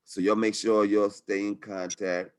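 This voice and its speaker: A man's voice: lowish voice, little pitch movement, measured pace, darkish tone, smooth. Slangy, hyped-up male webinar host. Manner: hype, slangy, upbeat. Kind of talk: live webinar sales talk.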